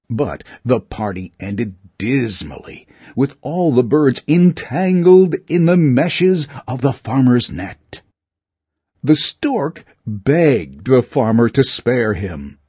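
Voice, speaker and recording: A man narrating fables for children in a measured, expressive storytelling voice. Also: mid-range voice, breathy edge, no room sound, clean studio sound.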